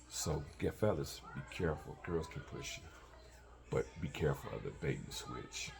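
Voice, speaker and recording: A man casually telling a personal story, animated and acting out the voices of people he quotes. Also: a bass voice, normal speed, vocal fry.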